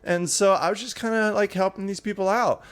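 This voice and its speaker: A man voicing a bubbly, mischievous young woman who gushes and squeals with excitement in a tabletop game. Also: sits high, fairly quick, smooth, voice pushed up, lightly acted. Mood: giddy. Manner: squealing, gushing, breathless with excitement.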